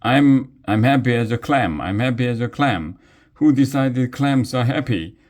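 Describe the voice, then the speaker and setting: A man's voice: mid-range voice, animated, measured pace, a little mellow, voice pushed up, lightly acted. A man voicing a brash male rapper in a mouse costume who raps clumsy rhymes in a children's story. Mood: rapping boastfully. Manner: rhythmic, rapping.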